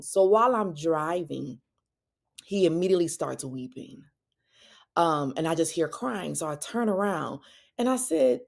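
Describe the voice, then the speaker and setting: A woman, telling a personal faith story as a Christian parenting speaker, her voice jumping higher when she quotes people. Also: normal speed, vocal fry. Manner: animated, rising pitch when quoting others.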